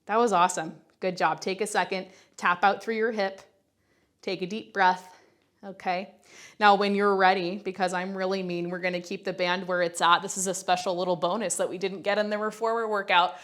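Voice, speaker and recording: A woman's voice: medium pitch, fairly even intonation, fairly quick, fairly bright tone. A woman leading a Pilates workout, coaching in an upbeat, chatty way and counting reps while exercising along, a little winded. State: working out along, slightly winded. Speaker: Pilates instructor. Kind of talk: guided workout instruction.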